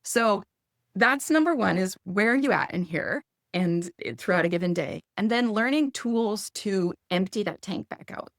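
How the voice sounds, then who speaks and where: A woman in her thirties speaking casually as a guest, chatty and animated, acting out quoted lines in a higher voice. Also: moderate pace, no room sound, studio quality. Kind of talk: casual conversational advice.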